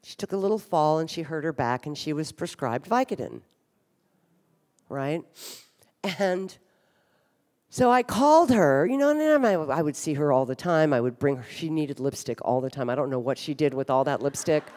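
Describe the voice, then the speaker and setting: Speaking at normal speed in a low, slightly mellow voice with lively intonation, a woman in her fifties shares her life story frankly and with wry humor at a recovery conference. She swears bluntly here and there, and the large hotel ballroom stage gives the recording a reverberant sound.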